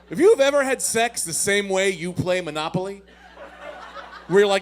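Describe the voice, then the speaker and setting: A man doing a stand-up comedy set, telling self-deprecating stories in an animated way with loud swings. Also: high voice, a little slow, pauses often, a little hiss or hum.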